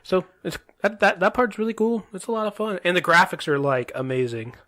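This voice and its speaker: Young male co-host, a bit high, loose and rambling. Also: brisk. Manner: relaxed, rambling, many fillers. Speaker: podcast co-host. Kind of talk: casual podcast chat.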